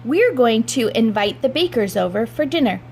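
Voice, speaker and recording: A woman reading aloud voices a determined suburban mother who gives brisk, commanding orders. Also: fairly high pitch, animated, vocal fry, darkish tone, slight background noise. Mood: firm.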